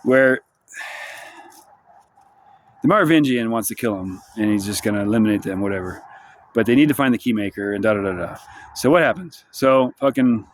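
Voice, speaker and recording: A man's voice: lowish voice, expressive, a little fast, long pauses, a little hiss or hum. A man delivering a rambling, profane, sardonic monologue for his vlog, outdoors in the sunshine. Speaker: vlogger.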